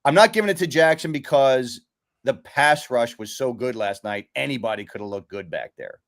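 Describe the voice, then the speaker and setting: A man co-hosting a casual postgame football chat. His voice sits in a middle pitch. He talks in a measured way and often stops on an um while he chooses his words. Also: animated. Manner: measured, with frequent ums while picking words. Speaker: sports podcast co-host.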